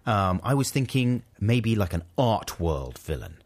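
A man hosts a radio show with a lowish voice that rises and falls a lot. He chats playfully and reads listener messages in a mock-serious way. The sound is dry and close. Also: big pitch swings, unhurried, darkish tone, dry recording. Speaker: radio host. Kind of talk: casual comedy chat.

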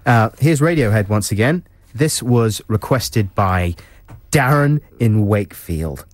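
A man's voice: on the low side, expressive, unhurried, dry recording. A man co-hosting a radio show and playing records, easygoing and self-deprecating while nursing a cold. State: has a cold. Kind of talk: casual radio banter. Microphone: studio mic.

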